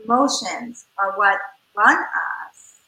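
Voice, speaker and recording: A woman family therapist giving advice in an interview, lively and demonstrative as she acts out what parents and children say. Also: mid-range voice, takes it slowly, roomy sound, poor audio.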